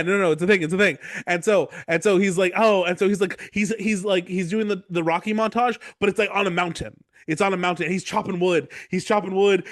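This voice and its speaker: A man co-hosting a casual podcast, excitedly retelling a movie plot and acting out its lines with frequent laughter. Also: high-pitched, no echo, clean studio sound. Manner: excitable storyteller, acts out lines, laughs often. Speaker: podcast co-host.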